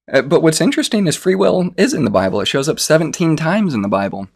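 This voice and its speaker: A man earnestly explaining a theological position in casual talk, often pausing with fillers and restarting phrases. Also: medium pitch, sing-song, creaky. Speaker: theology debater.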